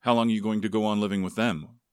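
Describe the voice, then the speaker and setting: A man voicing a gruff, sarcastic middle-aged father in a read novel. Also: deep voice, steady tone, fast talker, fairly bright tone, dry recording, clean studio sound.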